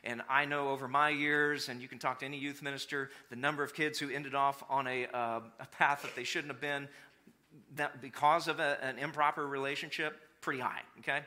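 A pastor preaches a sermon in church, speaking a little fast in a mid-range voice. He's animated and acts out people's voices to make his points with humor.

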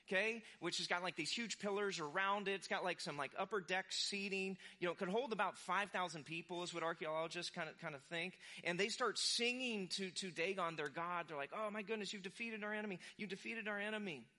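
Young male pastor, bright and forceful sermon voice, casual storyteller. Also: high-pitched, brisk, hardly any pauses. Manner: animated, acts out quoted voices.

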